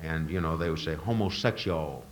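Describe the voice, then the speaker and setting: A man's voice: sits low, lively intonation, normal speed. A man from the northern United States doing a stand-up routine with a rambling, stop-start delivery before a live audience. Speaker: stand-up comedian. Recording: live audience crowd noise.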